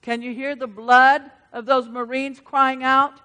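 A woman preaching a sermon with a high, bright, ringing voice. She calls straight out to the congregation, swinging between fervent shouts and hushed asides. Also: little pitch movement, unhurried, smooth. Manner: addresses the congregation directly.

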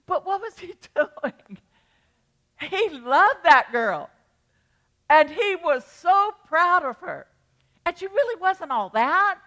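A woman's voice: high-pitched, fairly bright tone. An older woman pastor preaching a sermon, telling a rambling story with restarts and bursts of feeling.

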